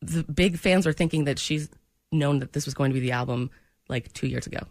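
A woman's voice: low voice, a little fast, darkish tone, dry recording. A woman hosting a morning radio show from a studio, chatting and telling stories in a self-deprecating way. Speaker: radio host.

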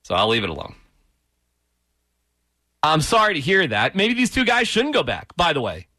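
Joking podcast host guy, bouncy pitch, pretty high voice. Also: normal speed, dry recording, clean studio sound. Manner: joking, animated. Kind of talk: casual sports chat.

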